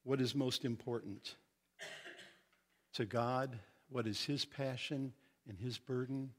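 A middle-aged man from Indiana preaching a sermon as pastor, earnest and teaching, reading scripture slowly with emphasis. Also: mid-range voice, fairly even intonation.

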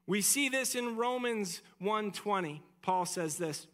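High-voiced enthusiastic male worship leader. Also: expressive, a little slow, sharp tone. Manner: enthusiastic, asks rhetorical questions. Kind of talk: short teaching talk between worship songs.

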